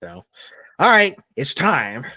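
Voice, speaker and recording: A man's voice: mid-range voice, wildly swooping pitch, takes it slowly, bright, forceful tone, slightly rough. A young man from Georgia in the US hosting a casual podcast interview, asking eager fan questions. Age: young adult. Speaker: podcast host.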